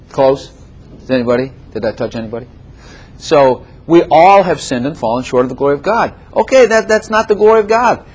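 A man preaching a sermon to a congregation in a church room, animated and repetitive, laughing often and quizzing his listeners. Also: a little high, husky. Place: church room with chairs and a plant.

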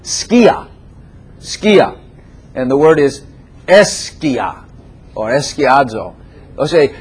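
A male preacher with a husky, slightly rough voice delivers a lively sermon to a congregation in a church room. He repeats his points, laughs between lines and throws questions at the listeners. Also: mid-range voice. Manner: animated, repetitive, laughs often and quizzes the congregation. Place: church room with chairs and a plant.

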